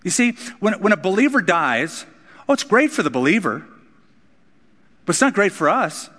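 A man preaching a sermon as pastor, earnest, moving between casual asides and emphatic high points. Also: very animated, normal speed, sharp tone. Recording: long reverb of a large hall.

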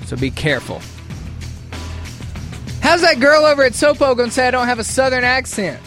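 A woman co-hosting a morning radio show, teasing her partner in quick banter. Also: high-pitched, big pitch swings, fairly bright tone, faint music behind. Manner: teasing, sassy, talks over her partner.

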